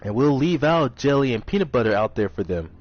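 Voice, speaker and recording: A man rambles through a casual story with clear exasperation, piling on restarts as he goes. His voice sits at an ordinary middle pitch. The audio is dull and lo-fi, with faint music playing underneath. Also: animated, fairly quick. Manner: rambling, exasperated retelling with acted-out quotes. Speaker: kitchen server at a center.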